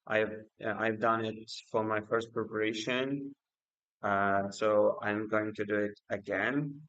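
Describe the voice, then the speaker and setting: A man's voice: lowish voice, steady tone, slow pace, a bit bright, no room sound, highs cut off. A man hosting a casual livestream, speaking hesitantly with many fillers and restarts. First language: Uzbek. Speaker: livestream host and exam student.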